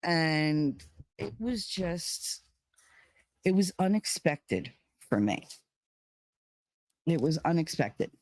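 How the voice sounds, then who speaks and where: A livestream host talking in a casual monologue, earnest and emphatic, with many fillers and key words stretched out slowly. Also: medium pitch, very animated, no echo.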